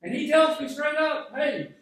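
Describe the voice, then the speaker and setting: This high-sitting male voice moves at a moderate pace as a North Georgia pastor recounts something from his own life in a conversational sermon. He keeps restarting his sentences, and the sound carries from a distance through a large, very reverberant sanctuary.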